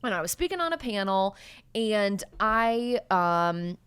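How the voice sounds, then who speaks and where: A woman's voice: mid-range voice, very animated, a bit bright, clear, resonant tone. Chatty woman in her late thirties. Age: late 30s. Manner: chatty, quick to laugh, self-deprecating. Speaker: podcast co-host. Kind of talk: casual chat.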